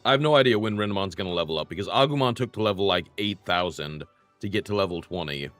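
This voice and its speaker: A man's voice: sits low, expressive, fast, fairly bright tone, no echo. A young man streaming a retro game, chatting casually and self-deprecatingly with his viewers while he plays. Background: faint game music.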